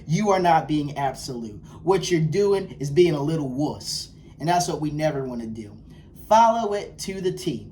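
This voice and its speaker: A man's voice: fairly high pitch, expressive, moderate pace, dark tone. Preachy man lecturing from a distant mic. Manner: preachy, scolding and emphatic. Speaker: self-styled life coach. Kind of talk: motivational lecture to camera. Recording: distant mic with faint background noise.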